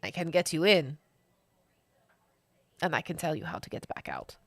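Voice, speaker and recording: A woman playing a smooth-talking boy gang leader. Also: sits low, normal speed, exaggerated voice. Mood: cool. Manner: calm, bargaining, in the manner of a smooth villain.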